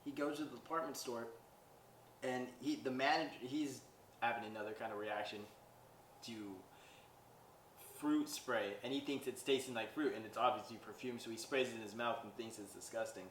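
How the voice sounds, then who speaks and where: A male podcast host with a steady, fairly bright, medium-pitched voice speaks at normal speed while loosely recapping a movie. He rambles, acting out scenes with many "he's like" quotes. The room is echoey, the mic distant, and slight background noise is audible.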